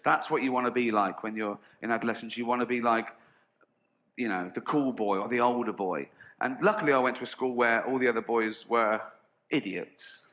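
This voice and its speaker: A man's voice: mid-range voice, pushed and bright, reverberant. An Englishman doing stand-up comedy, telling blunt, sweary stories and giggling at his own lines. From England.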